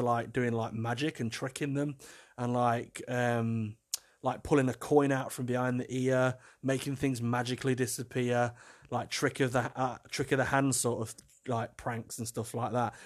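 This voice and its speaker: A man, hosting a casual solo podcast, chatty and self-mocking, laughing often as he tells stories. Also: medium pitch. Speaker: podcast host.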